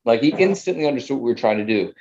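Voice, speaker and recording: A man's voice: medium pitch, animated, racing, a little mellow, highs cut off. A man producing a theater show, talking with eager enthusiasm in a casual interview, full of fillers like "man" and "like.".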